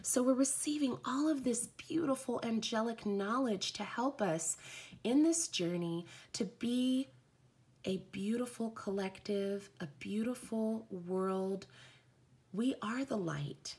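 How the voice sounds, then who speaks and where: A woman's voice: fairly high pitch, slow pace, a little mellow. A woman giving a heartfelt, rambling live oracle card reading.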